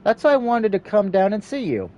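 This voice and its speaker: A man's voice: sits high, sing-song, brisk, darkish tone, muffled recording, voice pushed up. A man reading aloud as a kind, cheerful older brother in a game. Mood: reassuring.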